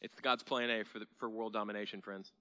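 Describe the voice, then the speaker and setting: A man pastor preaching a sermon in a church, conversational and then emphatic, sometimes dropping to a soft hush. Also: lowish voice, fairly even intonation, brisk, smooth.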